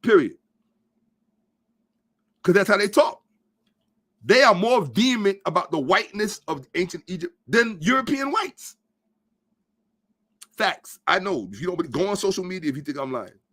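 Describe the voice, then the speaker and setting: A man's voice: sits high, very animated, normal speed, long pauses, fairly bright tone. A man hosting a podcast, giving a blunt, profane, emphatic commentary monologue and lecturing his listeners. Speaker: podcast host. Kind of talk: ranting social commentary monologue.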